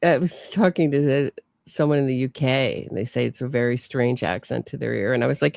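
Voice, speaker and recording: Chatty woman host with a gravelly voice. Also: extremely low pitch, fairly quick, a little mellow, dry recording. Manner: chatty, talks to her chat viewers. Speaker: true crime podcast host. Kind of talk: casual livestream commentary.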